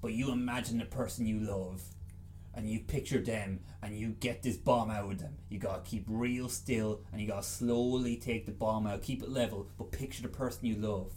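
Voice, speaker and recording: Man doing bossy bomb squad guy, low, hushed, coaxing. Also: fairly even intonation, normal speed, slight background noise, lightly acted. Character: male bomb squad officer, bossy and steady.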